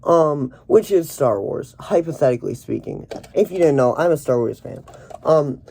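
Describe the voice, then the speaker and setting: Young guy rambling thru a joke movie review, lots of um and restarts, kinda mellow tone. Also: fairly high pitch, expressive, moderate pace, gravelly, a little hiss or hum. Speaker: comedic reviewer. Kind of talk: rambling deadpan parody review.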